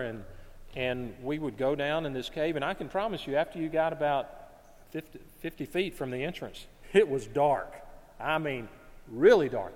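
A man's voice: mid-range voice, darkish tone, big-room sound. A man from North Alabama, preaching a sermon in an earnest manner and often repeating words as he searches for them.

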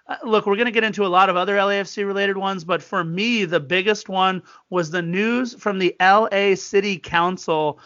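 A high, bright-voiced man co-hosting a casual sports podcast, chatty and quick to act out the people in his stories. The sound is dry and a little dull, like a modest home setup. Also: no room sound. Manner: chatty storyteller, animated quoted voices. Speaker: podcast co-host.

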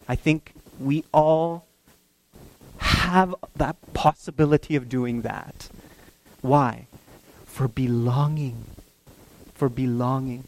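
A man preaching a sermon, telling stories in an animated way and acting out the voices of the people in them. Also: a little high, dry recording. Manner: animated storytelling, acts out voices. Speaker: pastor.

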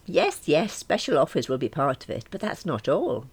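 A woman voicing a pushy, excitable female friend who talks in bossy, high exclamations in a storybook reading. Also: moderate pace, slightly rough, full character voice. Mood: eager.

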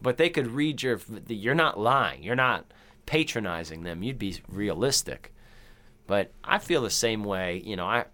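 A man co-hosting a casual movie review chat, animated and swearing freely, often acting out lines in silly voices. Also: on the low side, measured pace. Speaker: podcast co-host.

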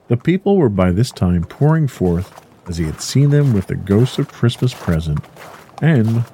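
A man narrating a classic story with measured, expressive delivery. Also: lowish voice, slight background noise.

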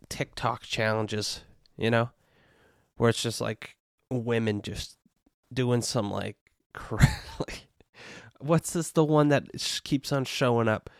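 A man's voice: mid-range voice, clean tone, no room sound, clean studio sound. A young adult man hosting a casual solo podcast, rambling and profane with constant "you know" and "dude" fillers. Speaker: podcast host.

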